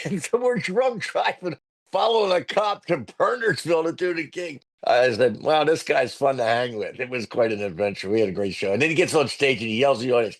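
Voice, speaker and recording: A man, a comedian guest telling lively stories on a podcast and acting out other people's loud voices. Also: a little high, fairly quick. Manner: animated storyteller, acts out loud voices of others. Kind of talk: storytelling podcast interview.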